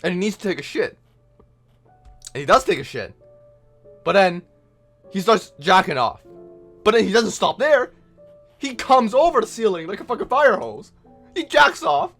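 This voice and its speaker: A man ranting a profane, exasperated reaction review, swinging from shouted disbelief to low muttering. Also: very animated, normal speed, long pauses, soft background music. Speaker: online reviewer.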